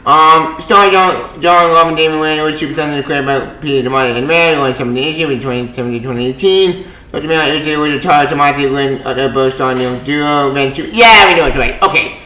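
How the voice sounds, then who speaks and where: A man giving a casual ranting commentary vlog about comics. He talks with a lot of passion, swears often and swings into angry shouting. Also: fairly high pitch, reverberant, poor audio. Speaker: comics vlogger.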